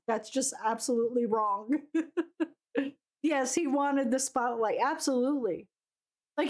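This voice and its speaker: A woman's voice: sits high, darkish tone. A woman streaming a game live, chatting casually and ranting animatedly with frequent laughs. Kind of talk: casual live gameplay commentary.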